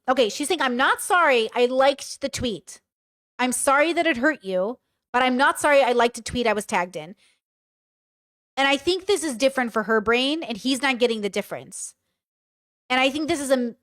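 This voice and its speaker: A woman's voice: sits high, a bit bright, dry recording, studio quality. A young woman reading a couple's messages aloud and giving her blunt, casual commentary on them. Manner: reads messages aloud and comments frankly, swearing. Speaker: commentary streamer.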